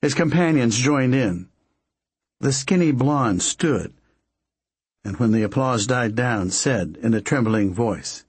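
A man narrates a story in a measured, wry audiobook reading. His voice is breathy and slow-paced, with lively pitch movement and a dry, close sound. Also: no room sound.

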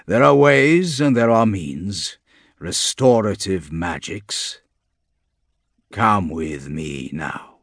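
A man plays a bedraggled, irritable male monster who counts corpses, his words slow and heavy. The voice sits low and husky, in a dry, close recording. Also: lively intonation, no echo, full character voice. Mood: irritable, commanding. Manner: slow, loud, heavy delivery. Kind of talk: audiobook character voice.

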